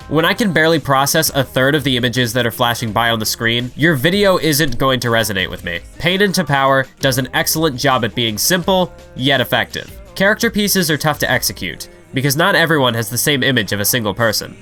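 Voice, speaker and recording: A man's voice: medium pitch, bright, forceful tone. A young man reading a scripted video review voice-over, analytical and now and then enthusiastic.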